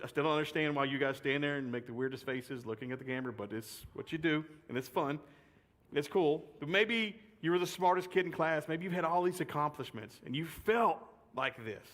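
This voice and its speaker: A man's voice: medium pitch, a bit bright. A man giving a chatty, joking youth sermon full of personal stories, repeating phrases for effect. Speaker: youth speaker. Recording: long reverb of a large hall.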